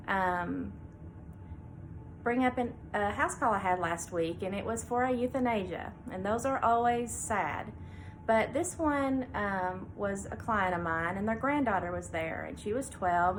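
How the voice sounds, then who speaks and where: A middle-aged woman speaks in an easy, conversational way, pausing on fillers as she shares a story and reads scripture aloud. Her voice sits at a middle pitch. A faint hiss of room noise lies under the recording. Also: poor audio. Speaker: veterinarian and show host. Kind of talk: casual devotional talk.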